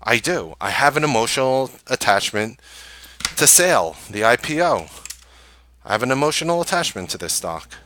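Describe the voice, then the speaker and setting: Exasperated, bright-voiced male trader ranting. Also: medium pitch, normal speed, slight background noise. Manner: animated, exasperated, scoffing, laughs mid-sentence. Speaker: stock trader hosting a live trading stream. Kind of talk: casual ranting monologue to viewers.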